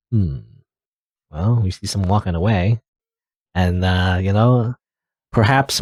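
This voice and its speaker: A young man doing let's play commentary, reading game text aloud and musing over it in a halting way with wry asides. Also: fairly low pitch, darkish tone, husky, no echo.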